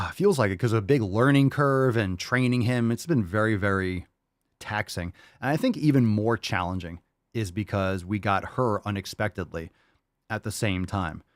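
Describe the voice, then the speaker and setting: A young man from Florida hosts a podcast in a fairly low voice at a normal speed. He talks loosely and casually, laughs a lot, and swears freely. The recording is studio quality with no echo.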